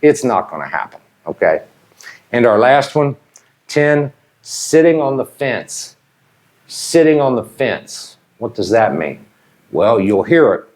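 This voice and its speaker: A man from Ohio, teaching slang at a whiteboard. He talks slowly and deliberately and keeps checking in with "okay?". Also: mid-range voice, big pitch swings, a little mellow. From Ohio, USA. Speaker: English teacher. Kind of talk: whiteboard lesson explaining slang.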